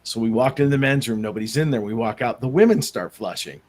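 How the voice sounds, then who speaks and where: Man, investigator guest, mid-pitched voice, casual storyteller with lots of fillers. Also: animated, fast talker, darkish tone. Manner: rambling anecdotes with fillers and restarts. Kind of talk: casual storytelling in a podcast interview.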